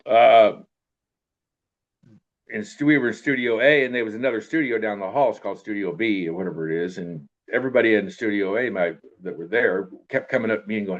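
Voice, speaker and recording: A man's voice: fairly low pitch, fairly quick. An older man, an actor, telling casual anecdotes in an interview in a rambling way, restarting sentences and trailing off with throwaway tags. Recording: dull lo-fi recording.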